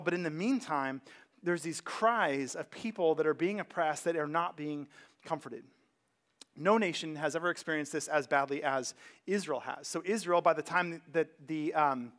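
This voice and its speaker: A man with a fairly high voice preaching a sermon to a church. He talks in a loose, conversational way, full of fillers and asides, and gets animated as he goes. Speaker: pastor. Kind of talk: casual sermon. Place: church sanctuary.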